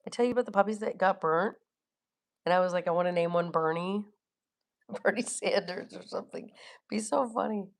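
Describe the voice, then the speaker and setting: A middle-aged Florida woman runs a casual livestream, rambling to viewers and responding to their comments in a brisk, chatty way. She laughs readily and curses bluntly, her low voice gravelly and heavy with fry.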